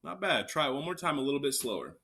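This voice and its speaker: A man's voice: fairly high pitch, very animated, fast, vocal fry, sharp tone. A man teaching an elementary recorder lesson, counting students in and calling out note names step by step. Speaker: music teacher.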